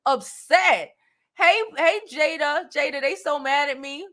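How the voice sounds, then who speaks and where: A woman's voice: high voice, unhurried, a bit bright. A woman in her forties hosting a beauty livestream, reading out comments and replying bluntly and directly, swearing freely. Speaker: beauty channel host.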